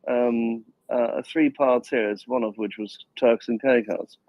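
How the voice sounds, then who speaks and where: A man's voice: mid-range voice, steady tone, unhurried, dry recording, lo-fi sound. A man on a casual online panel, insistent and making his point again and again. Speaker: panel participant.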